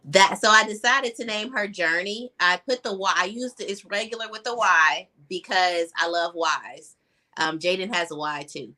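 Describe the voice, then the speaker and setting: Bright-voiced woman telling a personal story. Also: mid-range voice, normal speed. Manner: candid, filler-heavy, chokes up at times. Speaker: guest. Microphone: video call.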